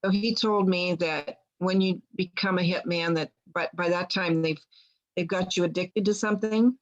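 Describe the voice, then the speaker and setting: A woman's voice: lowish voice, fairly even intonation, moderate pace, muffled recording. A woman telling a long personal story in a rambling way, with many restarts. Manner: rambling with restarts, quotes others plainly. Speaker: guest healer telling her story. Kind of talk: casual storytelling.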